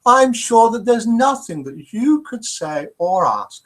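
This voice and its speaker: A man doing a prim old nun in a high voice. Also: big pitch swings, slow pace, a bit bright, heavily acted. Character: old woman, a cheeky nun.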